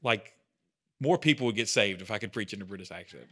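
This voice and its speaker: Earnest low-voiced man leading a study. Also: expressive, quick pace, bright, forceful tone. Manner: conversational, self-deprecating, earnest. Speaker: bible study leader. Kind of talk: casual teaching talk.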